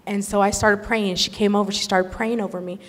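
A woman telling an emotional religious testimony in an earnest, animated storytelling manner. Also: mid-range voice, fast talker. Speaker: speaker sharing a testimony. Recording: echoey hall.

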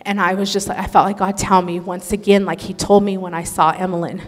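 A woman telling an emotional religious testimony in an earnest, animated storytelling manner. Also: mid-range voice, fairly quick, few pauses. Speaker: speaker sharing a testimony. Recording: echoey hall.

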